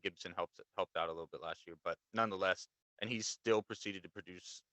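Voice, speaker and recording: Male sports podcast co-host, low and bright-toned, laid-back and talkative. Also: fairly quick, no room sound, poor audio. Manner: laid-back, explains at length with fillers. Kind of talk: casual sports chat.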